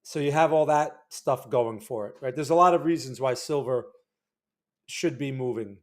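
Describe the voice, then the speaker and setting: A man's voice: mid-range voice, normal speed. A man from New Jersey with a New Jersey accent, hosting a casual market-analysis livestream in a loose, conversational way, with many restarts and "right?" check-ins. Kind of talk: casual livestream chart commentary.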